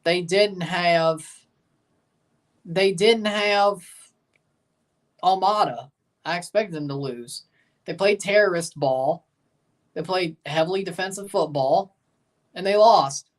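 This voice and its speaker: A woman hosting a live football watchalong, chatting casually and giving strong opinions, breaking into excited shouts at big moments. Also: fairly low pitch, takes it slowly, pauses often. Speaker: watchalong host. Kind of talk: live match reaction commentary.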